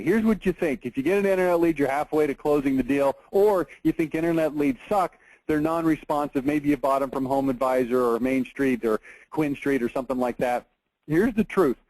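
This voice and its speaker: Over screen share, a man in his 40s from Texas gives a marketing webinar in a blunt, emphatic, somewhat exasperated manner. His voice is a little high and a little mellow, with no room sound on a low-quality recording.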